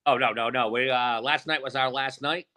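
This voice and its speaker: Man, medium pitch, relaxed, filler-heavy casual interview answers. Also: fairly quick. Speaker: guest, bar owner.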